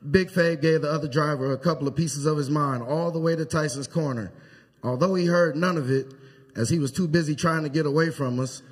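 Man delivering a church eulogy, husky voice, anecdotal and unhurried. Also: on the high side. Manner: anecdotal storytelling with pauses. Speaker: eulogy speaker. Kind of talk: funeral eulogy. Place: church sanctuary.

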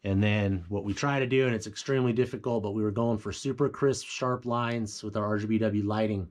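A man's voice: lowish voice, fairly even intonation, fairly quick. A man giving a casual walkthrough of a home theater build, explaining things plainly with fillers and self-corrections. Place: home theater room, indoors.

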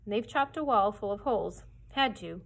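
A weary storybook father, dry and exasperated, flat and matter-of-fact, voiced by a woman reading aloud. His tone is slightly husky. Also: medium pitch, moderate pace.

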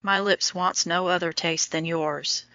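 A woman's voice: lowish voice, steady tone, unhurried, bright, forceful tone, dry recording. A woman reading an intense lovesick young man. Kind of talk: audiobook dialogue reading. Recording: dull lo-fi audio.

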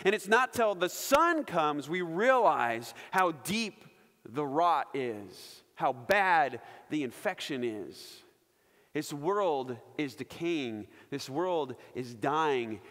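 A man preaching a sermon from the front of a church, passionate and emphatic. His voice sits a bit high for a man and swells loud on his key points before dropping low and quiet. Long reverb from the hall trails behind every phrase. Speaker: pastor. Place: church sanctuary.

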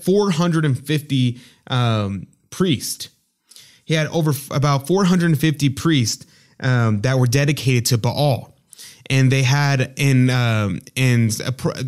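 A man hosting a podcast who retells a scripture story in a casual, rambling way, with frequent fillers and restarts. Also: mid-range voice. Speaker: podcast host.

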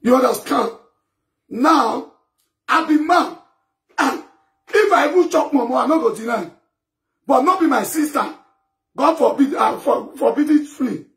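A man with a Nigerian Pidgin accent ranting emphatically to camera, often breaking into shouts. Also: extremely high pitch, lively intonation, measured pace, pauses often. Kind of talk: impassioned rant to camera.

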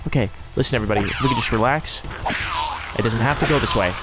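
A man's voice: mid-range voice, fast, over music. Sarcastic young man narrating gameplay. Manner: sarcastic, self-deprecating running commentary. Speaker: role-play gaming creator. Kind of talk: narrated game role-play.

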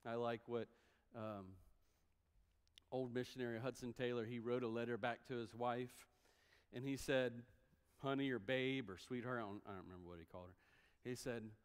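A pastor with a steady, smooth, medium-pitched voice preaches at a moderate pace, pausing often. Recorded in a church sanctuary with long hall reverb, his sermon is conversational, and he acts out the voices of those he quotes.

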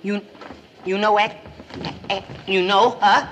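An actor playing a naive, eager young man with a high, goofy, childlike voice in a 1950s film comedy. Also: fairly even intonation, slow pace, fairly bright tone, a little hiss or hum. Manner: gushing and wide-eyed. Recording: old film soundtrack with music.

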